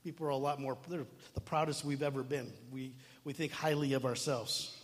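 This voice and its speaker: A man's voice: mid-range voice, fairly even intonation, fairly quick. A middle-aged male pastor preaching a sermon in a conversational way, full of asides and restarts. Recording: long reverb of a hall.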